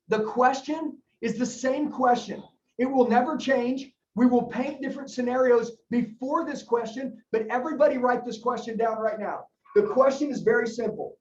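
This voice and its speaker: A man's voice: very high voice, fairly even intonation, a little mellow, a little hiss or hum. A man leading a sales training session, coaching with emphatic repetition and acting out talks with customers. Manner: fast, emphatic, coaching, repeats key phrases. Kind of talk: energetic sales training talk with role-played customer dialogue. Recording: roomy, distant, slightly dull sound.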